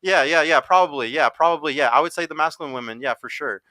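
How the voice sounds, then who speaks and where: A man's voice: a little high, sharp tone, no room sound. A young man hosting a podcast panel, talking bluntly and swearing freely in casual chat. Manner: blunt, profane, fast-talking. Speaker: podcast host.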